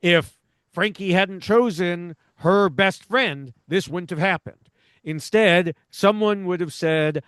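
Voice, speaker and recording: Higher-pitched middle-aged man, dry sound. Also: a bit bright, smooth, no echo. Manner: measured and analytical, with frequent "you know" fillers. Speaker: podcast co-host, reality TV commentator. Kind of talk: casual podcast discussion.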